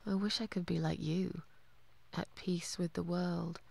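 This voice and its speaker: An actress playing a weary, bitter cat lady, low and brooding. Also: fairly even intonation, a little slow, vocal fry, a little mellow, a little hiss or hum.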